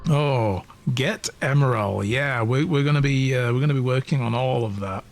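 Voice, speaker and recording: A man's voice: medium pitch, normal speed, soft background music. A man streaming a video game, chatting casually and reading its text aloud, joking at his own expense and swearing freely. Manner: joking, self-mocking, swears freely, laughs often.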